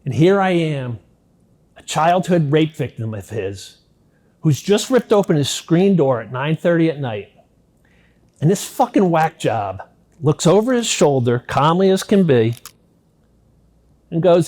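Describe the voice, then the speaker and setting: A man's voice: on the high side, lively intonation, unhurried, long pauses. Profane middle-aged man telling his story. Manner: blunt, profane, intense retelling that swings between hushed and loud. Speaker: interviewee recounting his past. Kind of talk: first-person storytelling in an interview.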